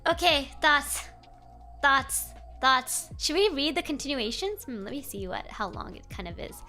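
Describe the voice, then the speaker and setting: A woman streamer reading horror stories aloud and chatting with her viewers in an excitable, talkative way. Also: high-pitched, a little slow, faint music behind. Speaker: streamer host. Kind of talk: live read-along of horror stories with chat reactions.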